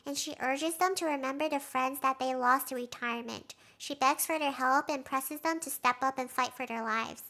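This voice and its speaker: A woman streamer casually recapping a show, excitable, laughing often and saying "like" a lot. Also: high-pitched, moderate pace, hardly any pauses.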